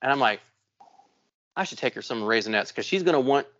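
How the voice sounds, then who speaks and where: A man's voice: mid-range voice, expressive, brisk, fairly bright tone, dry recording, muffled recording. A man co-hosting a podcast, telling a long profane story and acting out both sides of an argument. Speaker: podcast co-host. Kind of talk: casual storytelling.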